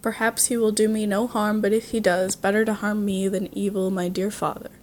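A woman's voice: medium pitch, flat delivery, a little fast, a little mellow, a little hiss or hum, lightly acted. A woman reading the lines of a kind, brave young maiden in a storybook tale, earnest and tender.

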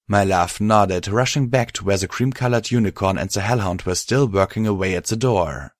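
Low-voiced man narrating a story. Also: normal speed, few pauses, dry recording, studio quality. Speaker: audiobook narrator. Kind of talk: scripted narration.

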